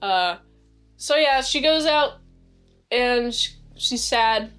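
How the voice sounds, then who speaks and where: A fairly high-voiced woman talks through a TV episode in a loose, rambling recap. She gets excitable and fills her talk with fillers. Soft music plays quietly behind her. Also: slow pace, smooth. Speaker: TV show reviewer. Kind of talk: casual recap and review. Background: faint background music.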